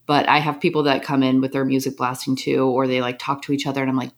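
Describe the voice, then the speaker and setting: Low-voiced woman telling a story. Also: flat delivery, fast. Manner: storytelling, agreeable backchannels. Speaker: podcast co-host. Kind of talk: casual chat.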